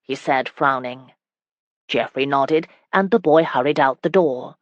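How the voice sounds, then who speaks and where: Steady audiobook narrator, dry sound. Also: medium pitch, unhurried, no room sound, dull audio. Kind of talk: scripted narration.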